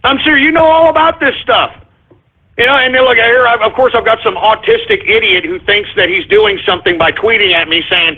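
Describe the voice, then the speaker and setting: A man's voice: high voice, normal speed, husky. A man hosting a talk radio show, ranting in an abrasive, confrontational way. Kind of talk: call-in radio rant. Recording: tinny phone-like lo-fi audio.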